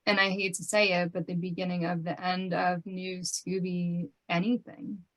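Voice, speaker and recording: A woman's voice: on the low side, little pitch movement, moderate pace, fairly bright tone, poor audio. A woman in a casual panel discussion, speaking in a worried, hesitant way. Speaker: panel co-host.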